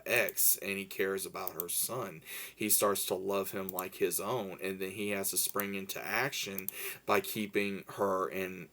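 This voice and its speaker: Man, low-pitched, casual movie reviewer, loose and rambling, full of "um" and "you know", excited about the film. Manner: rambling, many fillers and restarts; enthusiastic, laughs while recalling scenes.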